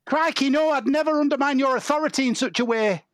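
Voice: sits high, fast, a bit bright, no room sound, clean studio sound, pitched above the performer's own voice. A performer improvising a meek, gullible new trainee baker who hesitates a lot. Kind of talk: improv comedy scene.

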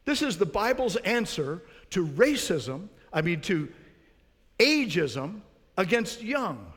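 A man's voice: high-pitched, very animated, slow pace, a bit bright, long reverb tail. A man preaching a sermon as pastor, earnest, putting rhetorical questions to his congregation.

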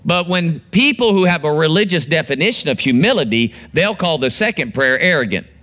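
Male preacher, bright forceful tone, fairly high voice, animated sermon delivery. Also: brisk. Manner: preaching with acted-out prayers and quotes, animated pitch swings. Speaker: pastor.

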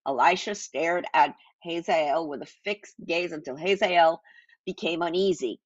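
A woman's voice: on the low side, unhurried, no room sound, highs cut off. A woman reading and teaching a Bible passage in an earnest devotional style. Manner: earnest, reads scripture aloud with small slips.

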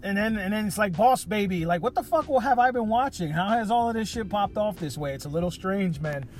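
High-voiced man ranting casually. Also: animated, brisk. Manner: profane, ranting, jokey. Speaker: podcast host. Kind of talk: casual monologue.

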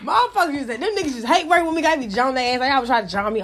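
High-pitched young woman, brash and profane, cracking jokes and laughing, faint noise behind. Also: animated, very fast, few pauses, fairly bright tone. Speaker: storyteller. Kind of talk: casual raunchy storytelling.

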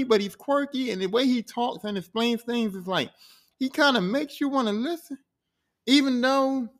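A man hosting a podcast, recapping a TV series in casual, profane talk and acting out the characters in quick impressions. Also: sits high. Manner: animated, swears freely, acts out characters in quick impressions. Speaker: podcast host.

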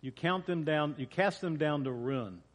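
A man with a somewhat high voice speaks at a normal pace, preaching as a pastor in a church sanctuary. He reads scripture casually, often repeating and correcting himself, and the recording carries a long church reverb.

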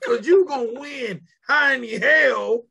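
A woman with a bright, sharp voice running a casual podcast segment. She teases her co-host playfully while walking through the details. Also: sits high, measured pace, gravelly, breathy edge. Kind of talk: casual music review chat.

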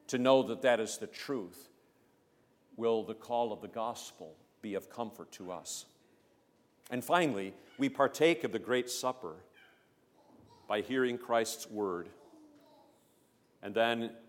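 Male pastor preaching a sermon, gets loud on the big lines then drops, long church echo. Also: fairly low pitch. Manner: emphatic, swells loud on key phrases. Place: church sanctuary.

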